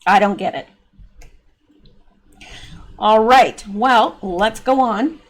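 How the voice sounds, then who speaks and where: A woman's voice: medium pitch, drawn-out words. A woman hosting an opinionated political commentary vlog, talking in a sarcastic, mocking, exasperated way. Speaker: political commentary channel host.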